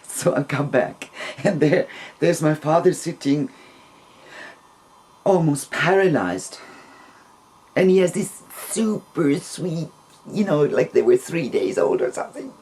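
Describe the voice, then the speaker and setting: A man telling a long personal story in a casual, rambling, gentle way, with soft laughs between phrases. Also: fairly high pitch, expressive, takes it slowly, long pauses, husky.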